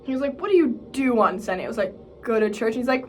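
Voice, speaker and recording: Talking very fast, this young college vlogger chats casually, full of fillers like "like" and "bro," and mimics others' quotes in a higher pitch. A bit of background noise is audible.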